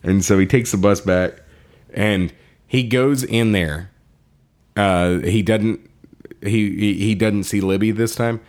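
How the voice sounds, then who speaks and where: A man co-hosting a podcast, casually retelling a story, laughing often and acting out the characters' lines in quick quoted voices. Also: on the low side, darkish tone. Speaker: podcast co-host.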